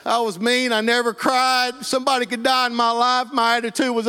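A man's voice: very high-pitched, level tone, a little fast, pushed and bright, smooth, faint music behind. A middle-aged man from Texas with an East Texas accent, telling his life story as an earnest, plainspoken guest. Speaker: guest giving testimony. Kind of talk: emotional personal testimony.

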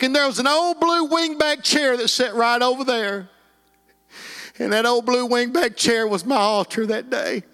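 High-voiced East Texas man telling his story. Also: fairly even intonation, measured pace, pushed and bright, clean tone, faint music behind. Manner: earnest, plainspoken Southern storytelling. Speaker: guest giving testimony. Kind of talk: emotional personal testimony.

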